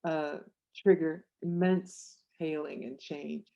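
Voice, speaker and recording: A woman author and clairvoyant telling stories in an interview, animated and acting out the voices in her anecdotes. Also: sits low, slow, creaky, muffled recording. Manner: animated, acts out voices in anecdotes, laughs often. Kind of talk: storytelling interview chat.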